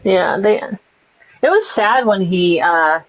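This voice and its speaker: A woman's voice: medium pitch, expressive. A woman co-hosting a casual stream, easygoing and giggly. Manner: easygoing, giggly, slow-talking. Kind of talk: casual live stream chat. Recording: dull dry stream audio.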